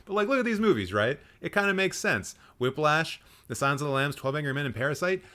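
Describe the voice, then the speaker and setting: A man's voice: a little high, animated, fast, sharp tone. A man hosting a casual live stream, playfully roasting people and laughing at his own jokes while he rambles and corrects himself. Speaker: host.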